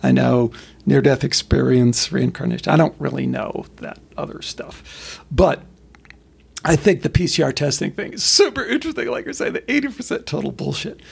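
Gravelly, husky high-voiced man. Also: normal speed. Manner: blunt, profane, animated storytelling. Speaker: podcast guest. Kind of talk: casual conversation.

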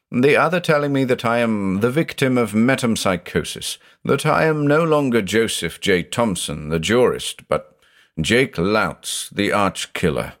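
A man reading a haunted older judge who talks in an intense, growling, confessional way. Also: on the low side. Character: haunted, obsessive older male judge, brooding.

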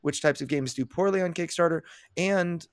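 A man's voice: fairly high pitch, normal speed, no echo, studio quality. A man hosting a podcast, talking casually and energetically, often restarting his sentences. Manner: energetic and chatty, with frequent restarts. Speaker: podcast host.

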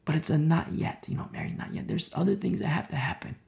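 A man's voice: on the high side, quick pace, vocal fry, darkish tone. A man preaching a conversational sermon, full of fillers and acted-out quotes, at times dropping to a whisper. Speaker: pastor.

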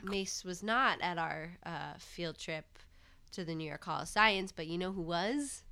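A young woman co-hosting a casual chat with a bright, crisp, smooth voice pitched a little low. She jokes drily and laughs often. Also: a little slow. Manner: dry, joking, laughs often. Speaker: podcast co-host.

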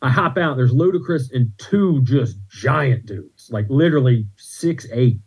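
A man's voice: medium pitch, a little slow, a little mellow, breathy edge, rough recording. A man, a comedian on a podcast, telling rambling stories in a casual chat with restarts. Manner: rambling anecdotes with restarts and laughs.

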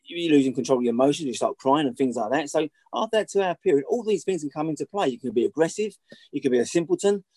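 A man's voice: fairly high pitch, animated, quick pace, darkish tone, breathy edge, no room sound. A middle-aged man talking as a podcast guest, telling stories candidly and bluntly, swearing often and repeating his points for emphasis. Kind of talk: candid conversational storytelling.

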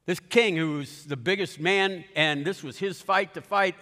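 A man preaching a sermon as a pastor, telling a story and acting out the characters' lines with sudden shifts in pitch and pace. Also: unhurried, few pauses, sharp tone. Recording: long reverb of a large hall.

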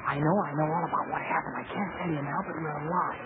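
An actor playing a young adventurer who gives brisk orders in a 1940s radio drama. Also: male voice, a little high, steady tone, phone-quality sound, natural voice. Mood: urgent. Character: young adventurer hero, male, brisk and commanding. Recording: scratchy noisy 1940s radio broadcast.

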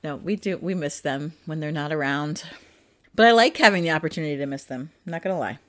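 A woman in her thirties co-hosting a podcast, chatting casually in a self-deprecating, rambling way that drifts softer. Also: sits low, quick pace. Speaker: podcast co-host. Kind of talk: casual chat.

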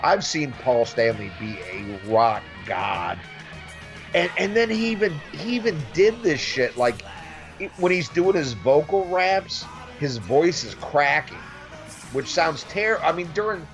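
A middle-aged man in casual chat, animated and swearing freely, often mimicking others. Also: on the high side, unhurried, faint music behind.

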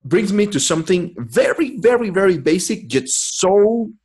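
A man's voice: high-pitched, sing-song, normal speed, darkish tone, slightly rough. A man co-hosting a podcast, talking in a profane, emphatic way and laughing often. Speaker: podcast co-host. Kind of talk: casual chat.

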